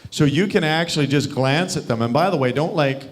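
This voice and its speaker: A man's voice: on the high side, brisk, slight background noise. A man leading a sales training over a video call, coaching and quizzing his listeners. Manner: coaching, asks the group questions. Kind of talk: live training session.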